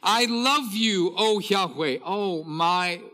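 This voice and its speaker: A man in his thirties, a pastor preaching a sermon, reading scripture slowly and with emphasis. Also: high voice, bright, forceful tone.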